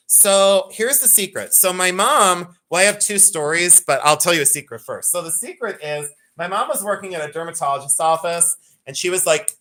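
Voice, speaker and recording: A man's voice: fairly high pitch, pushed and bright. A man in his fifties hosting a live jewelry sale, chatting and telling rambling stories to his viewers. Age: 50s. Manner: chatty, rambling storyteller addressing viewers by name. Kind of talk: casual live-stream chat and storytelling.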